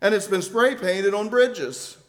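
A man preaching a sermon in an earnest, deliberate way, repeating key phrases for weight. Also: high voice.

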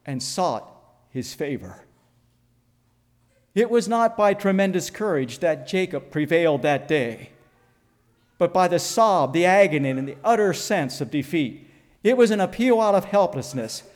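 Slow preacher in a reverberant hall. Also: male voice, high-pitched, darkish tone. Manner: slow, deliberate preaching with dramatic drops in volume. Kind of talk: sermon. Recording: long reverb of a large hall.

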